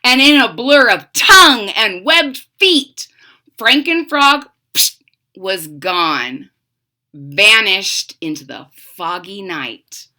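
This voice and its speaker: A young woman reading a picture book aloud to children, acting out the words and stopping to explain what the pictures show. She speaks very slowly, with a lively rise and fall. Her tone is bright and sharp. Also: mid-range voice. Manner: expressive storytelling with explanatory asides. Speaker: storybook reader.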